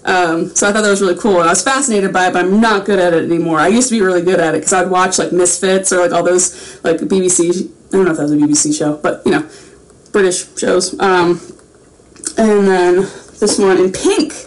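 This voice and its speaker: A woman's voice: lowish voice, fairly even intonation, brisk, poor audio. A young woman chatting casually on a livestream while signing autographs, rambling and self-aware.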